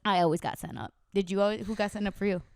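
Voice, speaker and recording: A woman's voice: medium pitch, very fast, no room sound. A young woman co-hosting a podcast in casual chat, talking freely, swearing and acting out quotes. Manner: chatty, swears, acts out quotes. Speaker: podcast co-host.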